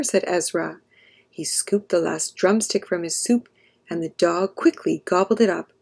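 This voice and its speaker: A woman storyteller reading a children's picture book aloud in a gentle, expressive way. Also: fairly low pitch, unhurried, vocal fry, husky.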